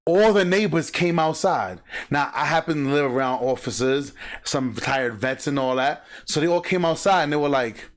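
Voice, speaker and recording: A man hosting a reaction video, talking emphatically and acting out sounds and quotes in animated commentary. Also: fairly high pitch, moderate pace.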